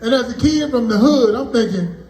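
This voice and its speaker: A man with a very high voice does stand-up at an indoor party venue, delivering loud, animated punchlines a little fast and bantering with the crowd. The room gives his voice an echo from the live party.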